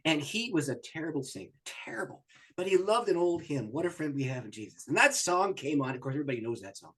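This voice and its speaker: Animated pastor telling a story. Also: male voice, fairly high pitch, fast talker, husky. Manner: animated storyteller who acts out voices and laughs often. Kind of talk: storytelling in an interview.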